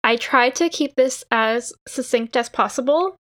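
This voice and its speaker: On a casual podcast, a woman with a fairly high, bright voice recaps a TV drama episode a little slowly. She's laid-back and sarcastic, swears a bit and quotes the characters in mock voices.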